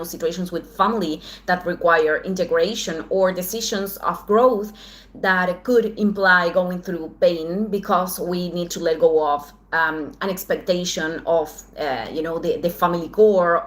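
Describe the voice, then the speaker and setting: A woman who speaks English as a second language gives a weekly astrology forecast, halting and searching for words with frequent restarts. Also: on the low side, a bit bright. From Southern Hemisphere. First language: not English. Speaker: astrology channel host.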